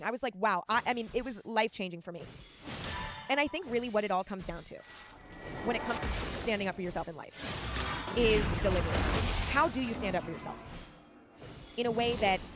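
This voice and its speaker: A woman hosting a podcast, giving casual advice in a fast, emphatic and chatty way. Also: medium pitch. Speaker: podcast host. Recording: loud music under the voice. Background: loud music.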